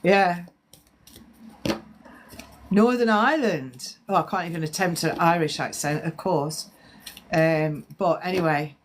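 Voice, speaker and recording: A woman's voice: deep voice, fairly even intonation, moderate pace, a little hiss or hum. A woman, a psychic medium, chatting and rambling through live-stream spiritual readings as she answers viewers' comments, sounding slightly congested.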